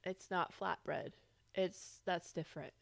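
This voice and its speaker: A woman's voice: lowish voice, fairly even intonation, measured pace, vocal fry. A young woman co-hosting an unedited podcast, talking loosely and laughing as she eats. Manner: loose, rambling, laughs often. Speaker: podcast co-host. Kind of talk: unedited casual chat.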